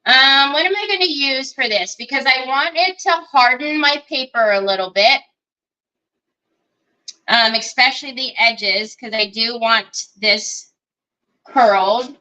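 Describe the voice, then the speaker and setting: A woman's voice: sits high, measured pace, bright, forceful tone, lo-fi sound. A woman hosting a live crafting demonstration, chatting and thinking aloud as she works and greeting viewers by name. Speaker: craft livestream host.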